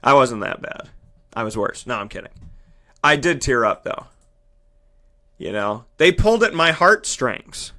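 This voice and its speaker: A man hosting a radio show, talking in an animated, emphatic monologue and acting out the voices he quotes. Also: medium pitch, a little slow, pauses often. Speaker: radio host and broadcaster. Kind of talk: energetic monologue.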